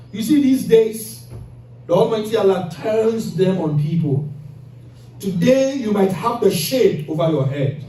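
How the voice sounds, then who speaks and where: A man's voice: sits high, warm tone, slight background noise. A man preaching a mosque sermon, telling moral stories and acting out the voices of the characters in them. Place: mosque hall. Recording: echoey hall recording from far off.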